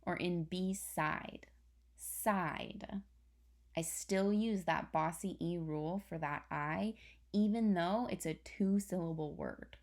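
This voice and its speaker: A woman's voice: on the low side, slow, darkish tone. A young woman teacher patiently explaining a spelling lesson step by step to her class. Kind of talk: recorded online spelling lesson.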